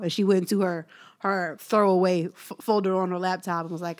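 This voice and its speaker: A woman's voice: medium pitch, a little fast. A woman co-hosting a casual music chat, blunt and opinionated, laughing often. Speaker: podcast co-host.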